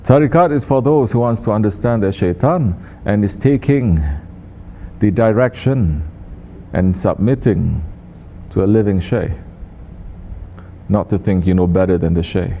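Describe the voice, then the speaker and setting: A man's voice: lowish voice, a little slow, mellow, a little hiss or hum. A man with a Turkish accent gives a teaching talk to a congregation, quizzing the audience and teasing them with repeated questions. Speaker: sufi teacher.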